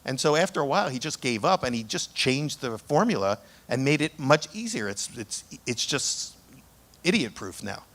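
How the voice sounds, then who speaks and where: A man speaking as an author, telling a lively story in a talk, with small restarts here and there. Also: medium pitch, normal speed.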